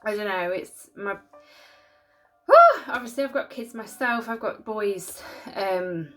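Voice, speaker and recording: A woman's voice: medium pitch, sing-song, slow, fairly bright tone, faint music behind. A woman hosting a story channel, casually reading out viewer-sent ghost stories in an emotional, chatty, sympathetic way. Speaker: YouTube story channel host.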